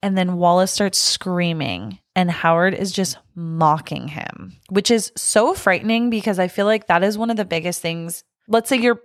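A woman's voice: fairly low pitch, no room sound, clean studio sound. A woman co-hosting a podcast, casually recapping a horror film and acting out the characters' lines. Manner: retells scenes, acting out quotes. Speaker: podcast co-host.

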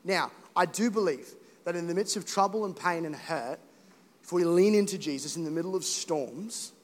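Young male pastor, high voice, jokey then fervent sermon, long church-hall reverb. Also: normal speed. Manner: animated, joking, rising to emphatic exhortation. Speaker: preacher. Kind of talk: energetic sermon.

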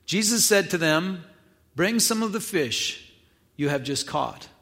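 A man's voice: high voice, animated, a little slow, fairly bright tone. A man preaching a sermon, retelling a scripture reading in a casual, conversational way with acted asides. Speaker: pastor.

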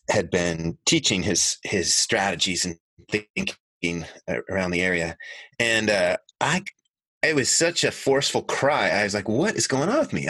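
A middle-aged man, an author and designer, telling stories as an interview guest in an earnest, animated way that often corrects itself mid-sentence. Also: sits low, no echo. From United States. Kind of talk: conversational storytelling.

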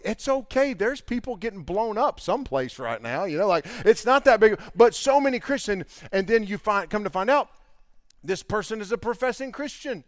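Animated man preaching a casual sermon. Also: sits high, normal speed, no room sound, clean studio sound. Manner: animated storytelling, mimics people in dialogue. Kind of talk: conversational sermon with acted-out anecdotes.

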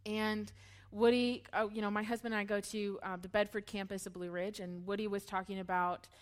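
A woman's voice: mid-range voice, level tone, a little fast. A woman in her thirties shares a personal testimony with a church group. She talks candidly and emotionally and laughs often between her sentences. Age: 30s. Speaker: church speaker.

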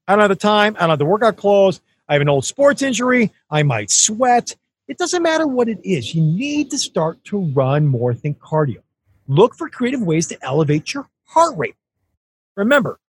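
A man hosting a podcast, giving an emphatic, coaching monologue straight to the listener. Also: breathy edge. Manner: energetic with big swings in pitch. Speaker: podcast host.

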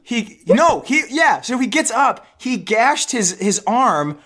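A man hosts a podcast, telling a comic family story in a rambling, profane way. He speaks at an unhurried pace, and his voice swings widely in pitch. He breaks into laughter again and again. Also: big pitch swings, bright, forceful tone. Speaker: podcast host. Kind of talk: comedic storytelling.

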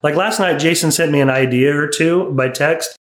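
A man's voice: on the high side, normal speed. Chatty, giggly man in an echoey room. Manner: chatty, giggly, rambling with restarts. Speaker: podcast co-host. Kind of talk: casual unscripted chat.

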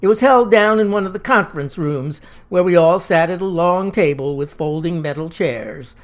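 An older storyteller spinning a folksy first-person yarn in old-fashioned phrasing. The voice sits mid-pitch and plain, with an easy, matter-of-fact telling. It is a spoken story reading. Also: normal speed.

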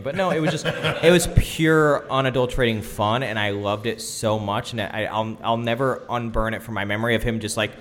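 Rambling man with a mid-pitched voice. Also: a little fast, hardly any pauses, slight background noise. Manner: rambling, many restarts and fillers, animated storytelling. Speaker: podcast co-host, touring musician. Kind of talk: casual chat. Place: coffee shop, live podcast.

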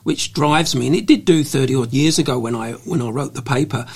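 A man's voice: mid-range voice, fairly quick, gravelly, a little mellow, breathy edge. A man talking as a guest, hesitant, with many fillers and restarts. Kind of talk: conversational faith discussion.

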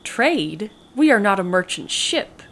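A woman's voice: medium pitch, sing-song, measured pace, fairly bright tone, heavily acted. A woman reading the lines of a smug, showy male pirate captain with mocking, theatrical courtesy.

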